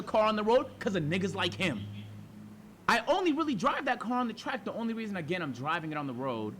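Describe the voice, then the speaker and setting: A young man telling a story to his live chat as a streamer, animated and profane, acting out his own replies in a hushed voice. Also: high voice, fast talker, a little hiss or hum. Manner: animated, profane, talks to chat, acts out his side quietly.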